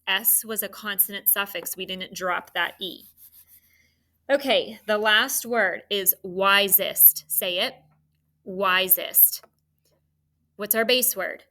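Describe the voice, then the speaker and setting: Slow, bright-voiced woman teaching phonics. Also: mid-range voice. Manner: slow, clear, encouraging teacher talk with spelled-out letters. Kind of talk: phonics lesson for children.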